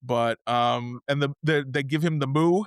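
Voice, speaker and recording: A man co-hosting a casual podcast, his voice sitting at an ordinary middle pitch. He rambles happily and keeps restarting his sentences as he gets excited. The close microphone sounds dry, with no room echo at all. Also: a little slow, smooth. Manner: rambling, self-interrupting, excitable. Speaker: podcast co-host. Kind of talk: casual chat.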